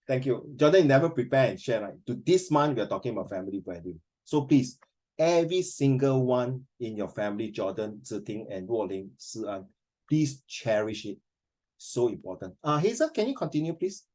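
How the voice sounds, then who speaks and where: A middle-aged man with a Singaporean English accent teaching a class, animated and emotional as he tells stories. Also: mid-range voice, normal speed. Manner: animated, emotional, switches into Mandarin. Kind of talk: classroom lesson, emotional storytelling.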